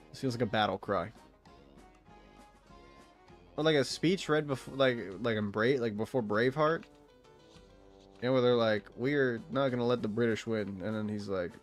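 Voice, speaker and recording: A man streaming a game, swearing freely, joking, and reading in-game text aloud in an excitable way. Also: fairly low pitch. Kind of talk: gameplay commentary.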